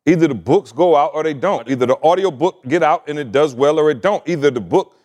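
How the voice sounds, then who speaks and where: A man's voice: a little high, quick pace, darkish tone. A man co-hosting a podcast, chatting casually in a teasing, playful, hyped-up way. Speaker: podcast co-host. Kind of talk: casual chat.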